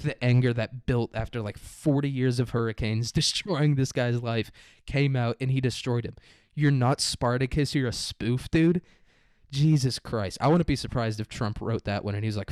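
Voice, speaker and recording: A man's voice: medium pitch, moderate pace, darkish tone, smooth, dry recording. Profane sarcastic young man ranting. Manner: irreverent, sarcastic, swears constantly. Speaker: commentator. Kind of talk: casual profane news commentary.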